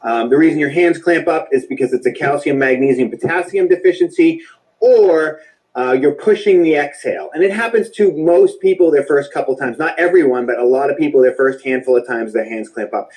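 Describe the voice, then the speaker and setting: A man's voice: a little high, fairly quick, a little mellow, poor audio. Chatty man coaching a breathwork class. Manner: reassuring, chatty, casually profane. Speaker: breathwork instructor. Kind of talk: casual spoken instruction.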